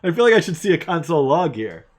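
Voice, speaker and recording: A man's voice: a little high, very animated, fast. A man hosting a live coding stream, casually thinking aloud and narrating each step as he works from an attic room.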